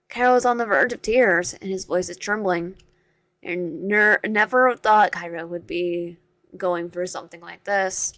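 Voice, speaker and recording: A woman's voice: lowish voice, unhurried, a bit bright, no room sound. A woman reading a visual novel aloud as narrator, often stumbling and correcting herself. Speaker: game streamer.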